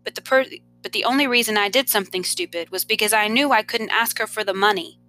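Bright-voiced woman reading a novel aloud. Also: medium pitch, fast, slight background noise. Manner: expressive first-person storytelling. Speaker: teacher.

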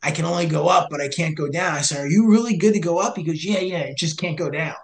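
A man's voice: fairly high pitch, fast talker, creaky, roomy sound. A young man casually telling a hiking rescue story, acting out both sides of the conversation. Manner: animated, acts out both sides of dialogue. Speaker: podcast guest, search and rescue hiker.

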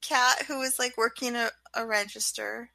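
A woman's voice: fairly high pitch, steady tone, normal speed, vocal fry, sharp tone, dry recording. A woman co-hosting a podcast in casual chat, curious and asking question after question. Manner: curious, asks many questions. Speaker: podcast co-host.

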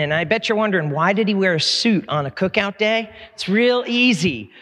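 A man's voice: sits high, expressive, a little fast, few pauses, fairly bright tone. A middle-aged man preaching as a pastor, candid and conversational, with fillers and restarts. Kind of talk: sermon. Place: church sanctuary. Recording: long reverb of a large hall.

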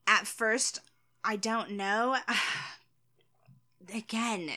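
A woman co-hosting and answering viewer questions in casual chat, laughing often and pausing on ums. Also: mid-range voice, sharp tone. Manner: laughs often, hesitant with ums, self-deprecating.

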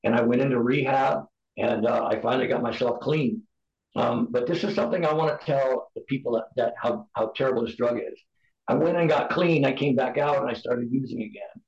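A man's voice: medium pitch, a little fast, darkish tone. A middle-aged man, a podcast guest, giving candid personal testimony in an earnest, emphatic, preacher-like way. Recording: roomy, dull lo-fi sound.

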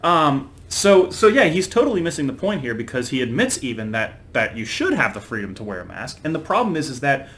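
A man co-hosting a casual political chat podcast, earnest and halting, often repeating words as he restarts. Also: medium pitch, sing-song, a bit bright. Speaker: podcast co-host.

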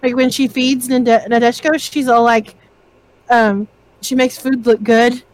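A woman co-hosting a casual podcast, retelling scenes in an animated way and quoting characters. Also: on the high side, unhurried, no room sound, low-quality recording. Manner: animated storytelling, quotes characters. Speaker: podcast co-host.

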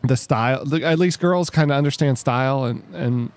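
A man's voice: mid-range voice, normal speed, no room sound. A middle-aged man hosting a podcast, chatting casually and teasing his guests. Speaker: host. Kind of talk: casual chat.

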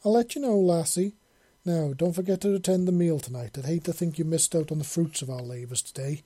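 A man puts on a gruff old space fisherman, stern and boastful, pitched up high and loud above his own voice. He sounds husky and mellow, recorded dry and close. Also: a little fast, no room sound, close to an everyday voice. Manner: stern, boastful, calls her lassie.

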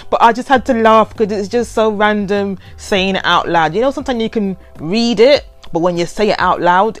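A woman, casually reading out and reacting to overheard quotes, animated and given to laughing and playful drama. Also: mid-range voice. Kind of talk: casual chatty commentary.

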